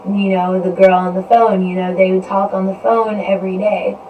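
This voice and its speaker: Female podcast host, unhurried and rambling, mid-pitched, recorded off-mic in a very echoey room with faint noise. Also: level tone, warm tone. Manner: rambling, fills with "you know". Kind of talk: casual storytelling monologue. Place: indoors, live stream. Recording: roomy echo, distant from mic, faint noise.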